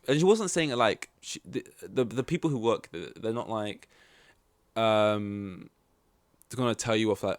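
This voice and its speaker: A young man talks in a low, unhurried voice, rambling through a story with blunt asides and the odd swear word. The recording is dry and close, with no room sound. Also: clean tone, no room sound. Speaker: podcast host. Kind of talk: casual solo podcast storytelling.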